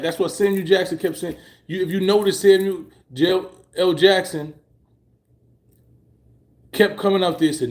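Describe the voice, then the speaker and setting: A man with a noticeably high voice gives his take in casual vlog commentary. He hammers his points by repeating them and swears freely as he talks. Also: steady tone, normal speed, pauses often. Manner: emphatic, repetitive and profane, drifting high when he presses a point. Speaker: vlogger reacting to a halftime show.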